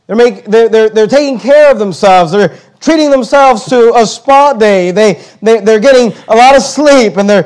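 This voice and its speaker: A man preaching a sermon, slowing down on key words and often repeating himself as he makes his points. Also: high voice, a little mellow. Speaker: pastor.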